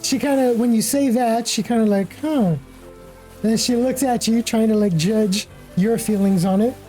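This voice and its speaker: A woman narrating as game master of a tabletop game, relaxed and full of casual fillers. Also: fairly high pitch, normal speed, faint music behind, rough recording. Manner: relaxed, with many fillers like "kinda" and "like".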